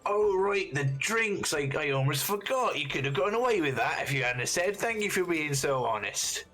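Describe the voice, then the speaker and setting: A man's voice: a little high, expressive, moderate pace, sharp tone, faint music behind, pitched above the performer's own voice. A man voicing a wary, blunt middle-aged innkeeper in a tabletop game. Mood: surprised. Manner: blunt, folksy, guarded.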